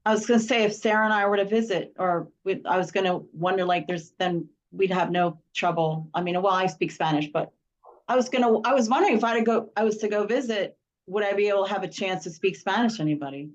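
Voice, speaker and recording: A woman chatting on a video call, telling a story in an animated way with frequent laughs. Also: medium pitch, fast talker. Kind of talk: casual video call chat. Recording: dull lo-fi call audio.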